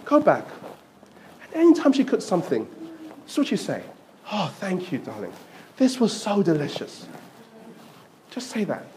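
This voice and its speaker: A man voicing a calm, wise older mother who gives her son advice in a soft, hushed voice. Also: sits high, normal speed, long pauses, background noise, voice pushed down.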